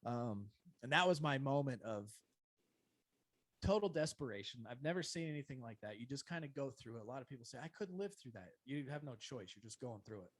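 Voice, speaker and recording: A man's voice: medium pitch, brisk. A middle-aged man giving a candid personal testimony to an audience, blunt and raw, retelling events vividly in the present tense with plenty of fillers. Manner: blunt and raw, with occasional swearing. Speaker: speaker sharing a personal testimony.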